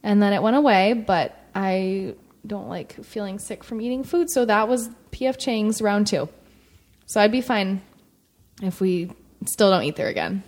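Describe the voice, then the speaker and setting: A woman's voice: mid-range voice, unhurried, a little mellow. A woman co-hosting a podcast, telling everyday stories in a chatty way with lots of fillers. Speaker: podcast co-host. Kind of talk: casual chat.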